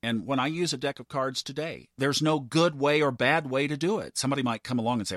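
A man in his fifties hosts a podcast and tells a personal story in a monologue. He is earnest and builds to animated emphasis. His voice sits mid-range and sounds dry and close. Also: mid-range voice, quick pace, dry recording. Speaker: podcast host.

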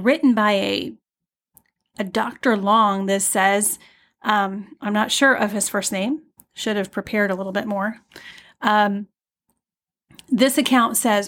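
A woman hosting a devotional podcast, talking gently and off the cuff with fillers, and reading hymn verses slowly and tenderly. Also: mid-range voice. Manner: gentle, unscripted, with fillers and restarts. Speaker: podcast host.

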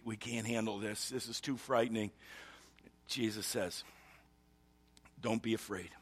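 A man's voice: on the high side, a bit bright. A male pastor giving a sermon in a humorous storytelling way, chuckling often.

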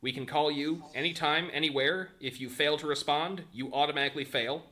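A man voicing a curmudgeonly male elf official who gives gruff, commanding orders in a tabletop game. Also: on the high side, steady tone, fairly quick, bright, forceful tone, pitched above the performer's own voice. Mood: stern. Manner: gruff, commanding, ultimatum-giving.

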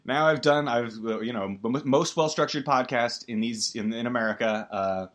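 A man's voice: normal speed, fairly bright tone. Rambling, self-deprecating male podcast host. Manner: rambling, self-deprecating, full of stammered restarts and sudden jumps in pitch. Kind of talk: comedic solo podcast monologue.

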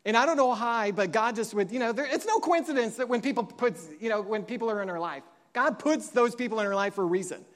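A man preaching a sermon, telling stories with lively acted-out quotes and quiet, slow emotional passages. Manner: animated storytelling, acts out quotes with big pitch jumps; drops soft and slow for emotional moments. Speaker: pastor.

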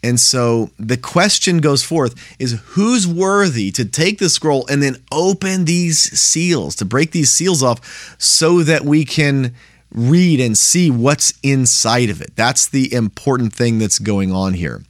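Man, mid-pitched, dry close sound, talks through scripture conversationally and asks "right?". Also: lively intonation, slow pace, no room sound. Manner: explains plainly, asks "right?" often. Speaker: Bible study teacher. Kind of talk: conversational Bible teaching.

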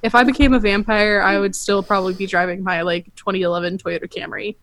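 A woman's voice: mid-range voice, steady tone, fast talker, a bit bright. Young woman podcasting about a book, chatty, lots of "like"s, laughs a bunch. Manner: chatty, frequent "like" fillers, laughing asides. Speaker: podcast co-host. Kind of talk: casual book discussion chat.

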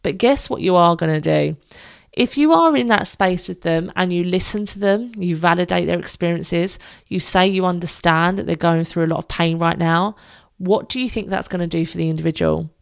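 A woman's voice: fairly low pitch, moderate pace, creaky, smooth, dry recording, studio quality. A woman hosting a solo podcast, talking earnestly and encouragingly and asking lots of rhetorical questions. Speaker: podcast host. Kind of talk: solo motivational podcast talk.

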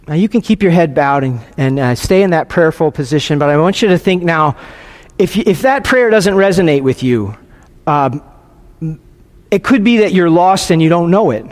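A man preaching a sermon, leading a silent prayer and reading scripture in an earnest, pausing way with frequent restarts. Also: fairly high pitch, lively intonation, darkish tone. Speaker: pastor. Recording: long hall reverb.

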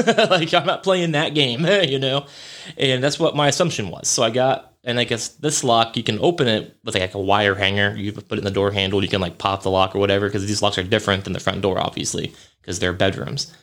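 A man's voice: fairly low pitch, fairly quick, a bit bright. A young man hosting a podcast, rambling through a casual story with lots of fillers, swearing and chuckles. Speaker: podcast host.

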